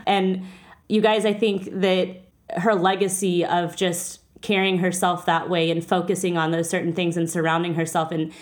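A woman's voice: on the low side, level tone, normal speed. A woman hosting a casual interview, talking earnestly and getting emotional at times. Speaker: podcast host.

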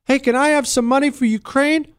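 A man mimicking a whiny politician who pleads for money and unity in a high, mocking voice. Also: steady tone, brisk. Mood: whiny pleading. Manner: mocking, high whining plea.

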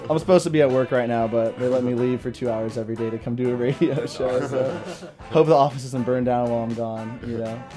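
A man's voice: medium pitch, steady tone, fairly quick, warm tone, faint music behind. A man hosting a radio show, chatting with a band in a small studio and laughing easily. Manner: laid-back, laughs often, asks easy questions. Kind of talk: casual interview chat.

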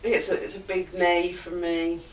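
A woman's voice: fairly low pitch, flat delivery, moderate pace. An English woman co-hosting a podcast, dropping brief, dry remarks into the conversation. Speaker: podcast co-host. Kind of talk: casual banter. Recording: echoey room, mic far off.

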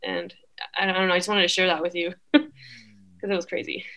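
A woman's voice: lowish voice, very animated, fast, pushed and bright. A young woman guest telling a personal story in casual chat, full of fillers. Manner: chatty, many fillers.

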